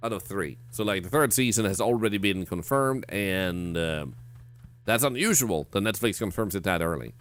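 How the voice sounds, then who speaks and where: A man's voice: lowish voice, lively intonation, moderate pace, fairly bright tone, soft background music. A man streaming a horror game, chatting casually with viewers, rambling and stammering with self-mocking jokes. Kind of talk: casual livestream commentary while playing.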